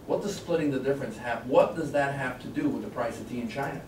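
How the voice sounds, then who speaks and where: A man's voice: medium pitch, fast. A man giving a sales negotiation seminar to a live class, telling stories and acting out phone calls. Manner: animated, storytelling, acts out phone lines. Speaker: sales trainer. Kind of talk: seminar lecture. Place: training room with a live class. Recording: echoey room, mic far off, faint noise.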